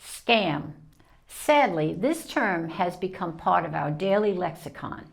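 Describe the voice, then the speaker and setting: A woman anchoring a local news show, reading a script with crisp, deliberate delivery. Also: fairly low pitch, lively intonation, soft background music.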